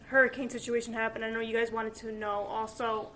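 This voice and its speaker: A woman hosting a casual podcast, introducing guests in a loose, halting way. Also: on the high side, flat delivery, fairly bright tone, slight background noise, low-quality recording. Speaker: podcast host. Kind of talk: casual chat.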